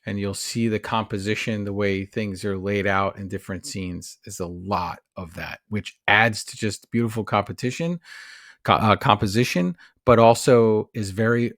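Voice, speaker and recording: A podcast co-host chats casually about a movie, rambling and analytical, with many fillers and restarts. His voice is lowish with a fairly bright tone, recorded at studio quality with no echo.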